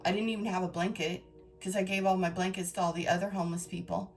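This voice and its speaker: A woman's voice: lowish voice, steady tone, fast talker, faint music behind. A woman tarot reader telling her viewers a personal story in an emotional, rambling, dramatic way.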